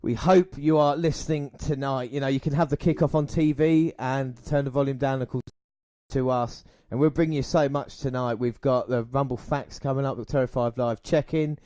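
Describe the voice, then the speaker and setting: A man's voice: mid-range voice, steady tone, moderate pace, dark tone, dry recording, studio quality. A man hosting a podcast, upbeat and steering the conversation. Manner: upbeat, runs the show. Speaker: podcast host. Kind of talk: casual chat.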